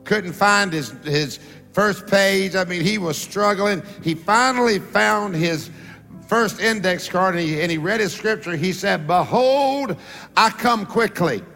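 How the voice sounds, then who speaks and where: A fairly high, gravelly male voice, preaching in a church. He calls out to the congregation and stretches words for emphasis. The sound carries a long church-hall reverb. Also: unhurried, pushed and bright, faint music behind. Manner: preaching with call-and-response to the congregation; rises and draws out words for emphasis. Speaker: pastor. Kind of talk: sermon. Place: large church sanctuary.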